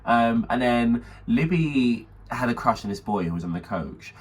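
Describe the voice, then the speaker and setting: A man's voice: medium pitch, normal speed, husky, distant mic. A man, co-hosting a podcast, telling a long anecdote in casual chat and acting out friends' lines. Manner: animated storyteller, quoting friends in shifting voices, swearing freely. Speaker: podcast co-host.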